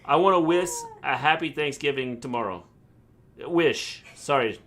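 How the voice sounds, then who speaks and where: A middle-aged man co-hosting a casual livestream with his daughter, making dry, deadpan jokes. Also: mid-range voice, moderate pace, slight background noise. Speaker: co-host, father of the host. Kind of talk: casual chat.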